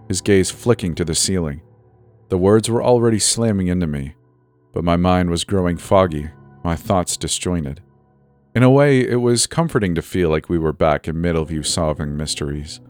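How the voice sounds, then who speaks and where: A man reading a horror story as a scripted first-person narration, measured and sometimes drifting soft and slow. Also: low voice. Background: faint music.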